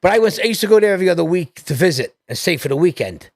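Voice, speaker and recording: A man in his fifties with a New York accent spins loose, rambling anecdotes as a podcast guest. His voice sits a touch high for a man. The sound is dry and close, with no room around it. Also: rapid-fire, vocal fry, no echo. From New York City. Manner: animated, rambling anecdotes with restarts. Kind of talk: casual storytelling chat.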